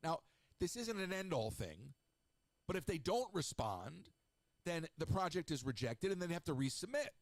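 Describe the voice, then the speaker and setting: Middle aged guy doing a talk radio show, rambly and snarky, kinda high gravelly voice. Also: moderate pace, no room sound. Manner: chatty, snarky, rambling with lively asides. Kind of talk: casual solo radio talk.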